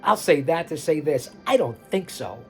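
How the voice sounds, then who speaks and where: A man's voice: on the high side, sing-song, moderate pace, a little mellow, soft background music. A man hosting a show, casually rambling his commentary over a video clip. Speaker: host.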